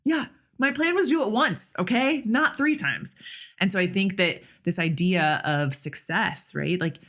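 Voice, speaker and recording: A woman's voice: medium pitch, a little slow, a bit bright. A woman guesting on a podcast, talking candidly and casually, with lots of fillers. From United States. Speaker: podcast guest, nurse practitioner and clinic owner. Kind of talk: casual interview chat.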